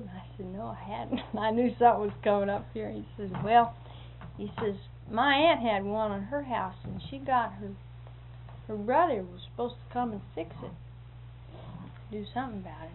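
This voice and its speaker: A woman's voice: on the high side, moderate pace. A woman telling homespun stories casually, chuckling often and acting out what others said. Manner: chuckling often, acts out quoted speech. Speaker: storyteller. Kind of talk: casual anecdotal storytelling. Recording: phone-like lo-fi audio with faint hiss.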